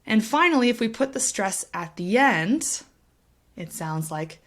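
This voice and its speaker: A woman teaching English pronunciation to camera, speaking clearly and patiently and tapping out rhythms to demonstrate. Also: mid-range voice, animated, measured pace, a bit bright. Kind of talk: explaining a language lesson to camera.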